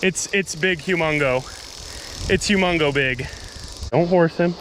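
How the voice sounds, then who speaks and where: A young man giving excited, breathless running commentary as he fights a fish by a river outdoors. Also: fairly high pitch, unhurried, a little hiss or hum, poor audio. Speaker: fishing vlogger. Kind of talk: live fishing commentary.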